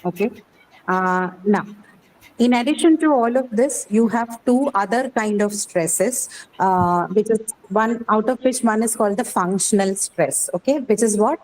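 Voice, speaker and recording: A woman's voice: medium pitch, unhurried, darkish tone, slight background noise, poor audio. A woman teaching a classroom lesson, asking questions and checking in with "right?" as she explains. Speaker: English teacher. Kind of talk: classroom lecture.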